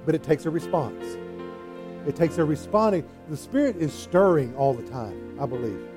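A man's voice: on the high side, expressive, normal speed, music in the background. A middle-aged male pastor preaching a sermon, earnest and emphatic, repeating his points.

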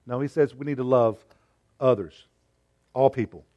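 A man preaching a sermon with an emphatic delivery and a mid-range pitch. He presses his points with strings of rhetorical questions, and he drops to a hush before building back up. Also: moderate pace, muffled recording. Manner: swings between loud and quiet.

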